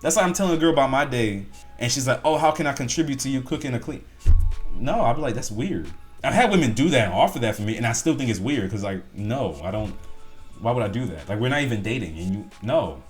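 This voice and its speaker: A man's voice: mid-range voice, very animated, quick pace, faint music behind. A man hosting a casual reaction video, talking bluntly and at length and swearing often.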